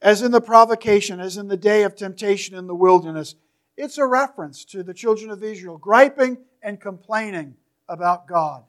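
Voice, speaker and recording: Man preaching, high voice, slow emphatic scripture reading, soft trailing phrase ends. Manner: reads scripture slowly and emphatically, drops to near-whispers at phrase ends. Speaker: pastor. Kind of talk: sermon. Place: church.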